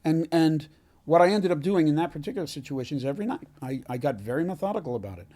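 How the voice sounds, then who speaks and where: A man, an actor being interviewed, telling a heartfelt story in an earnest, halting way with many restarts. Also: fairly high pitch, expressive, mellow. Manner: halting, frequent restarts and self-corrections. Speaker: actor, podcast guest.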